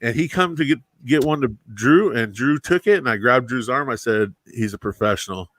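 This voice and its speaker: A man's voice: medium pitch, lively intonation, moderate pace, fairly bright tone, no room sound. A man casually telling stories about his old security work, acting out the people he quotes and dropping "bro" and "dude". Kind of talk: casual storytelling chat.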